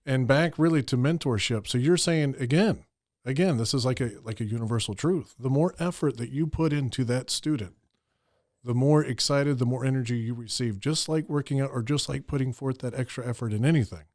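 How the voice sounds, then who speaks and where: A man's voice: mid-range voice, a little fast, a little mellow, no room sound, studio quality. A man hosting a podcast interview, enthusiastic and eager to sum up and connect his guest's ideas. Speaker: podcast host. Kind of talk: casual interview talk.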